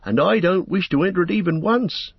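A man's voice: high-pitched, a little fast, breathy edge, dry recording, highs cut off, pitched above the performer's own voice. A man reading the part of a fretful, glum young hobbit in an audiobook, in a raised, complaining voice.

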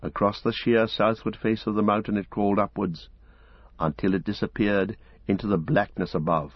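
A man reading a story aloud as an audiobook narrator, in a measured, dramatic storytelling manner. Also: lowish voice, steady tone, no echo. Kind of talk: scripted narration. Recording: dull lo-fi recording.

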